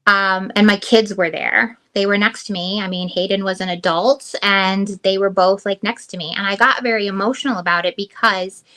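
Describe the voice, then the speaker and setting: A middle-aged woman co-hosting a casual podcast tells a personal story in a bright, ringing voice. She talks candidly and emotionally, circling back with fillers and restarts as she searches for words. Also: medium pitch, steady tone, moderate pace, few pauses. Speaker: podcast co-host. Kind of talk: casual chat.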